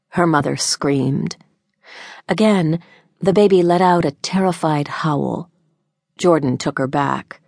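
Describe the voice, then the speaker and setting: A woman narrating a novel in a measured, even reading. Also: deep voice, creaky, dry recording. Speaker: audiobook narrator. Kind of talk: scripted narration. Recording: dry close studio sound.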